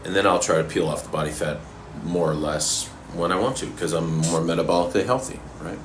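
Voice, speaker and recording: A man coaching fitness and answering viewers' questions in a relaxed, casual way while eating, sometimes talking with his mouth full. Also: low-pitched, a little hiss or hum. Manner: relaxed, talks with his mouth full, pauses mid-sentence.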